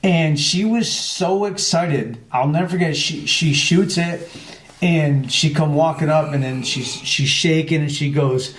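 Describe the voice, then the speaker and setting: In an echoey room, a middle-aged New York man with a voice on the high side relates his hunting experiences at a measured pace. He's a chapter president guesting on a casual podcast, storytelling animatedly and imitating the people he quotes.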